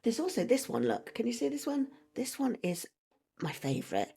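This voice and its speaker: A woman's voice: fairly high pitch, sing-song, moderate pace, vocal fry, mellow, husky. A woman talking casually to camera in a vlog, chatty and digressive, often breaking into laughter. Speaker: vlogger.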